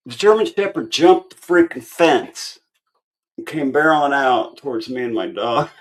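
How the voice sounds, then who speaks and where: A man's voice: mid-range voice, lively intonation, normal speed. A man hosting his own online show in a casual, rambling chat, tired and cursing freely as he tells stories. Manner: profane, rambling storytelling.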